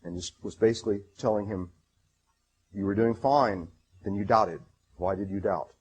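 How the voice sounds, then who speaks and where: A man giving a lecture presentation, reading passages aloud, halting with many fillers and restarts and enthusiastic about his material. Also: lowish voice, darkish tone, slightly rough.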